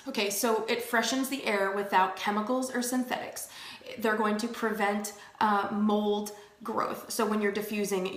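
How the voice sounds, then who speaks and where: A woman's voice: medium pitch, echoey room. A woman hosting a casual home talk on essential oils, chatty and reassuring, with lots of fillers. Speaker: host of an essential oil show. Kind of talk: casual live-stream talk.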